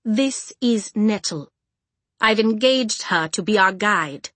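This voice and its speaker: A woman doing Amina, a brisk curious girl. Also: medium pitch, lively intonation, fairly bright tone, no room sound. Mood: inquisitive. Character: curious, resourceful teenage girl.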